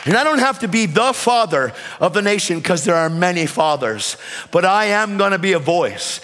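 Man, preacher, sermon, fervent, shouting then hushed, high voice, long reverb. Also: very animated, moderate pace, a faint crowd. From United States.

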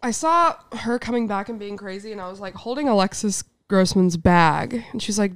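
A woman's voice: mid-range voice, normal speed, few pauses, clear, resonant tone, dry recording, clean studio sound. A young woman from Houston, a stand-up comedian telling stories animatedly in casual podcast chat, swearing freely. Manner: animated storytelling, swears, says dude.

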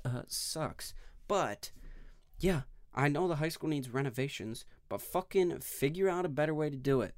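A young man hosting a casual solo podcast, rambling and swearing, swinging from low mumbles to loud outbursts. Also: no room sound, clean studio sound. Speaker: podcast host.

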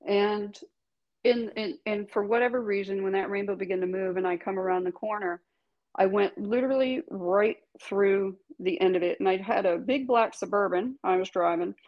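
A woman's voice: mid-range voice, moderate pace, dull audio. A middle-aged woman speaks in an ordinary mid-range voice, recounting her own story as an interview guest. She talks emphatically, laughs often and swears without fuss. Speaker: guest, tattoo artist.

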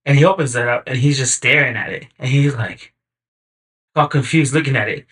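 A man guesting on a podcast, telling stories in a relaxed, slangy way. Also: mid-range voice, brisk. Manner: laid-back, slangy, acts out quotes in animated bursts. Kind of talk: casual chat, storytelling.

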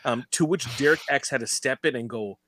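A man's voice: medium pitch, a little fast, fairly bright tone, slight background noise. A man co-hosting a casual podcast chat, talking loosely with many fillers and frequent laughs. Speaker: podcast co-host. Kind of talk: casual chat about a reality show.

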